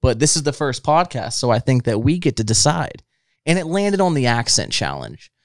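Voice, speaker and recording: A man's voice: mid-range voice, very animated, moderate pace, no echo, studio quality. A man hosting a podcast in casual chat, laid-back and full of "like" and "bro.". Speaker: podcast host.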